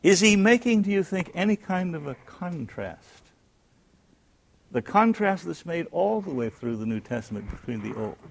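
A man teaching a Bible class who questions his listeners, answers himself, and swings between loud emphasis and hushed tones. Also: a little high, sing-song, moderate pace, gravelly.

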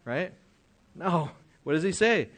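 High-voiced man preaching a sermon. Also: expressive, takes it slowly. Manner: reads scripture aloud and explains it, asking the listeners questions.

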